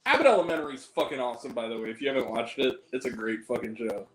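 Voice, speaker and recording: A man hosting a casual stream, joking loudly and swearing between giggles. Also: medium pitch, animated, very fast, roomy sound, poor audio. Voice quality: crude, loud, giggly banter. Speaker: host. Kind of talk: casual profane chat.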